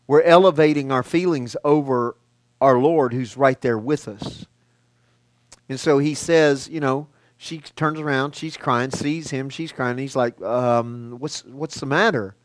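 A man preaching a sermon, talking in a conversational way and asking the listeners questions, his delivery swinging from loud emphasis to a hushed tone. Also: medium pitch, a little slow, no room sound.

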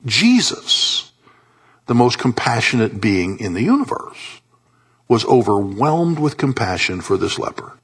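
A man preaching a sermon with passion, rising to loud high peaks and dropping to soft low tones. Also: big pitch swings, unhurried, slightly rough.

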